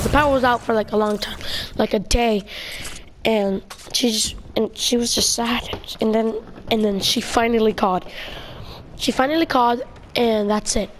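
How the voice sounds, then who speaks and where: Young woman, high-ish voice, rambling casual storyteller, slight noise. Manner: rambling, many fillers and restarts. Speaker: video creator.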